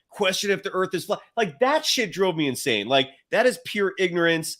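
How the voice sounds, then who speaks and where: Man, high voice, very lively pitch, blunt heated sports talk, restarts sentences. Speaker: podcast host.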